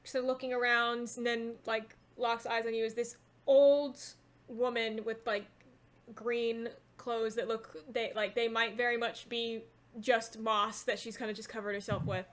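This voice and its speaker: A woman's voice: a little high, little pitch movement, measured pace, slight background noise. A woman running a tabletop game from home, describing scenes in a loose, rambling way full of fillers. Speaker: game master.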